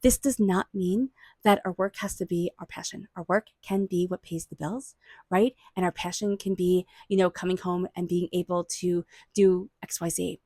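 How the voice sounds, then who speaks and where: A woman giving a tarot reading, murmuring invocations to angels and spirit guides and offering warm, excited encouragement. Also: fairly low pitch, moderate pace, no room sound. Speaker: tarot reader. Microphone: own microphone.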